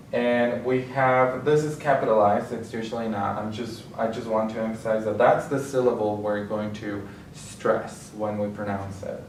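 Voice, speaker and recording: A male Spanish teacher giving a slow, explanatory lecture with frequent restarts. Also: mid-range voice, a little hiss or hum. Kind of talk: classroom-style lecture. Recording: roomy and distant with faint ambience.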